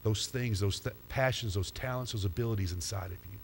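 A man's voice: fairly low pitch, brisk, a little hiss or hum. Man preaching in a reverberant church. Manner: conversational preaching, asks the crowd questions. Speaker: pastor. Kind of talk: sermon. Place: church sanctuary. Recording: long hall reverb.

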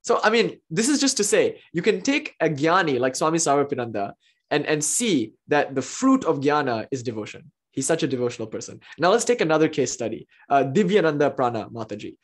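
An enthusiastic spiritual teacher lectures on philosophy in a lively, storytelling way. The voice leaps up in excitement, then drops into quiet, hushed asides, with frequent laughs. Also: medium pitch, a little fast. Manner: swings between excited exclamations and hushed asides.

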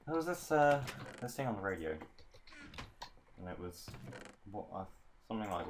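Dry, teasing guy, deep voice. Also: big pitch swings, moderate pace, long pauses, background noise. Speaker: gamer co-host. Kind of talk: casual let's-play chat.

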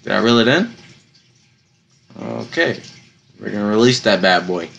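A young man giving casual, slangy commentary while playing a video game, slightly hoarse from losing his voice. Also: lowish voice, expressive, moderate pace, a bit bright, dull audio. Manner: laid-back, slangy, chatty. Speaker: gaming YouTuber.

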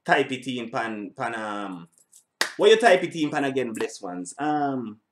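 A man's voice: mid-range voice, sing-song, measured pace, slight background noise. A middle-aged man, hosting a reaction video in a rambling, casual way, repeating himself and swearing now and then. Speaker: reaction channel host.

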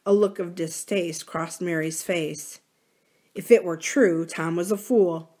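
Low-voiced woman reading a novel. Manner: measured, even storytelling. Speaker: library reader.

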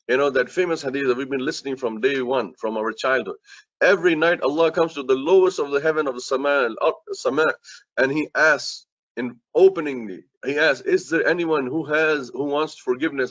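A man's voice: mid-range voice, fairly bright tone, no room sound, dull audio. A man preaching as an imam in an earnest, repetitive sermon that speaks straight to his listeners.

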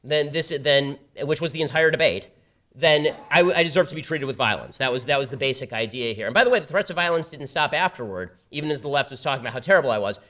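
A man giving a public talk at a campus event, telling a story in a rapid, sardonic way. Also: medium pitch, animated, fairly bright tone. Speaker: guest speaker at a campus event. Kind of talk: public talk with a told anecdote. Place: university event before a live audience.

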